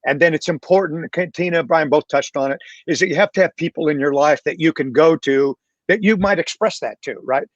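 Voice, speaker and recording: A man's voice: on the high side, fairly quick, no room sound, dull audio. A man on a panel talking reflectively, with many fillers and restarts. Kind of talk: casual panel talk.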